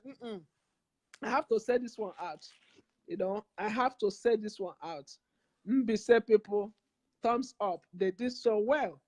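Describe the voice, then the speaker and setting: A woman's voice: medium pitch, no room sound. A woman from Nigeria with a Nigerian English accent, making an impassioned, preachy vlog appeal full of repeated phrases. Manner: emphatic, repetitive, preachy. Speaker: community vlogger.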